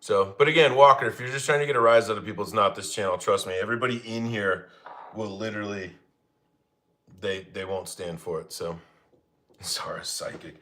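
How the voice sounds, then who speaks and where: A man's voice: on the low side, a little fast, pushed and bright, a little hiss or hum. Chatty man hosting a cooking livestream. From Arizona, United States. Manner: joking, chatty, laughs often. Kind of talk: casual live chat reading comments. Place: home kitchen.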